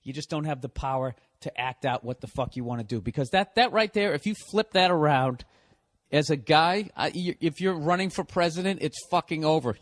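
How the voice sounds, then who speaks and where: A man with a slightly high-pitched voice rants through a comedic podcast monologue. He swears constantly and sounds exasperated. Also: expressive, brisk. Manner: profane, exasperated ranting. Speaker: podcast host.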